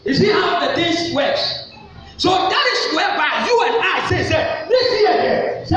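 A Ghanaian man preaching a sermon as pastor, mixing English and Twi, breaking into shouted bursts. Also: extremely high pitch, expressive, measured pace, soft background music. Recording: echoey hall, muffled sound.

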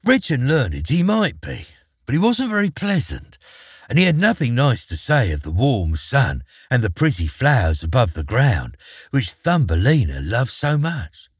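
A man narrating a fairy tale aloud in an expressive storybook manner. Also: mid-range voice, a little slow, breathy edge, dry recording, studio quality.

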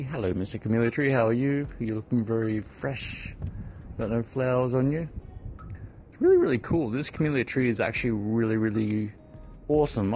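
A man in his thirties hosts a rambling podcast, cracking jokes and playful sarcasm as he walks through his small garden. He keeps his voice a little hushed, and faint music hums underneath. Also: medium pitch. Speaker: podcast host. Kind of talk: casual podcast monologue. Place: home garden outdoors.

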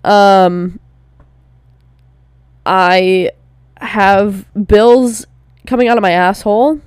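A woman's voice: medium pitch, fairly even intonation, a little mellow, clear, resonant tone, dry recording, studio quality. A young woman in her twenties talking candidly in a personal vlog, casual, with lots of fillers and swearing. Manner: slow, drawn-out delivery. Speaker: vlogger.

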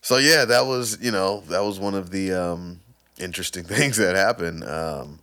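A man's voice: sits low, moderate pace, bright, forceful tone. A young man in casual chat, telling stories full of swearing and acting out what people said. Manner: profane storytelling, acts out quotes with laughter. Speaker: podcast co-host.

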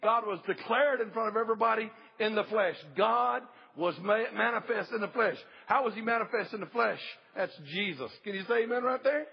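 A man's voice: high-pitched, a little fast, gravelly, hardly any pauses, breathy edge, muffled recording. A male pastor preaching a sermon in a church service, emphatic, repeating key phrases and calling for amens.

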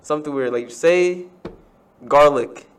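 A man's voice: a little high, measured pace, clear, resonant tone, recorded from a distance. A young man in a casual chat with friends, explaining eagerly and laughing often.

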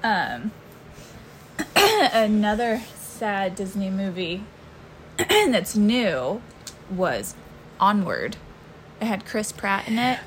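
A woman's voice: mid-range voice, sing-song, drawn-out words, pauses often, a little hiss or hum, poor audio. A woman who is a mother, chatting casually and rambling through stories with many ums and self-corrections. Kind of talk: casual chat.

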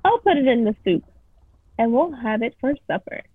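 A woman voicing a cheerful mother speaking in a high, chirpy tone. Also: expressive, normal speed, husky, no room sound. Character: cheerful mother cooking supper. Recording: tinny phone-like sound.

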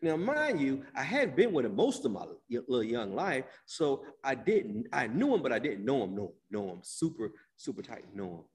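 Male preacher mid-sermon; soft drawn-out lines that flare into loud emphatic bursts, names people in the pews, long hall reverb. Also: medium pitch, big pitch swings. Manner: drawn-out, repeated phrases, addresses listeners by name.

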